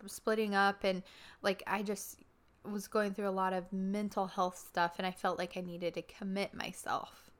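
A woman's voice: medium pitch, moderate pace. A woman casually and candidly retelling a personal story in conversation, using lots of "like". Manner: candid, animated retelling with frequent "like". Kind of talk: casual chat.

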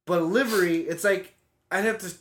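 A man with a slightly raised pitch chats as a guest on a rowdy podcast. He explains car terms patiently and breaks into laughter often. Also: a little fast, noisy background. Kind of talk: casual podcast chat about a racing game.

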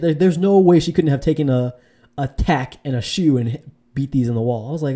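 A man's voice: fairly quick, dark tone. A man casually telling a dating story to camera, rambling with fillers and restarts. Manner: rambling, full of fillers and restarts, mimics women in a high voice. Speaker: vlogger giving dating advice.

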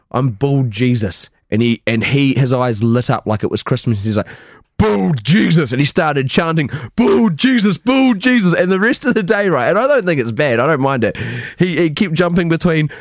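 A man's voice: medium pitch, expressive, moderate pace, no room sound, studio quality. A man in his thirties with a New Zealand accent, co-hosting a casual podcast and telling a story with laughs and loose swearing. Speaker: podcast co-host. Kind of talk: casual chat.

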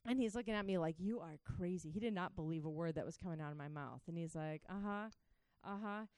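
A woman's voice: low voice, quick pace, a little mellow, clear, resonant tone, dry recording, clean studio sound. A woman preaching a sermon, telling her own testimony with fervent, direct appeals to the listeners. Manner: impassioned, talks straight to the crowd.

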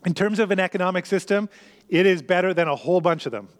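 Man, pastor, sermon, high voice, emphatic, earnest. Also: fast talker. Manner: earnest, emphatic teaching with repeated phrases.

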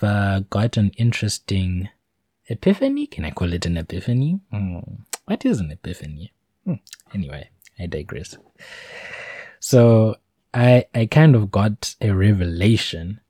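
A man's voice: fairly low pitch, mellow, no echo, studio quality. A man giving a casual, meandering monologue with informal asides. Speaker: solo talker.

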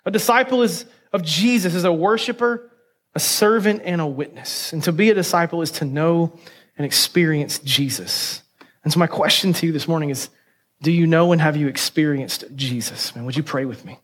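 A man preaching a sermon in a slightly higher-than-average voice. He reads a story aloud and gives each speaker a small voice shift. Then he leads the congregation in prayer. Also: moderate pace, fairly bright tone. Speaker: pastor.

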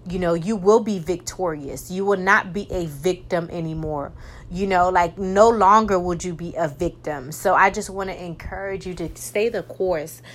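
A woman's voice: on the low side, moderate pace. A young woman hosting a faith podcast, talking in a preachy way and repeating phrases for emphasis. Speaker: podcast host. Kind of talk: faith-based encouragement monologue.

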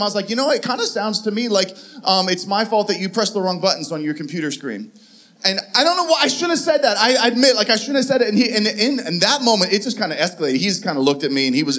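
A middle-aged man gives a sermon as an animated story, his voice sitting fairly high for a man. He plays both sides of a conversation and stumbles through many restarts.

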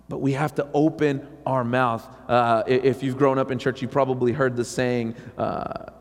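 A man preaching a sermon as pastor, talking conversationally and acting out quotes, with sudden loud rises. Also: medium pitch, level tone, normal speed. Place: church sanctuary. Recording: long reverb of a church hall.

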